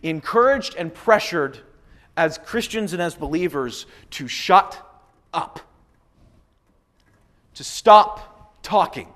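A man preaching a sermon, animated and emphatic, repeating phrases and acting out what others say. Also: a little high. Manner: animated preaching, emphatic repetition, acts out quotes. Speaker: pastor.

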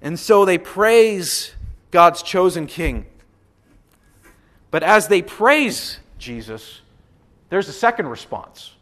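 A man preaching a sermon, animated and emphatic, repeating phrases and acting out what others say. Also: high voice, slow, long pauses. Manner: animated preaching, emphatic repetition, acts out quotes. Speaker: pastor.

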